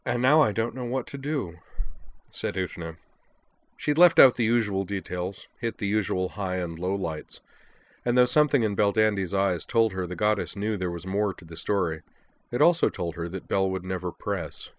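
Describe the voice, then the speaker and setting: A man narrating a story in an even, measured reading. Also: sits low, no echo. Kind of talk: audiobook narration of fan fiction.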